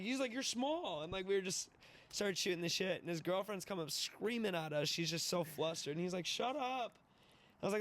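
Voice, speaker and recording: Profane animated man telling fight stories. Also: high-pitched. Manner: animated, profane, acts out voices in his stories. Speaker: podcast guest, mixed martial artist. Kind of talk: casual storytelling.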